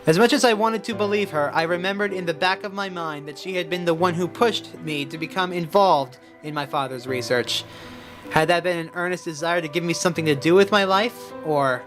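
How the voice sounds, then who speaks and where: A man's voice: fairly high pitch, a little fast, a bit bright, faint music behind. A man voicing a grave male figure recalling a painful past, in a robot voice while reading game dialogue.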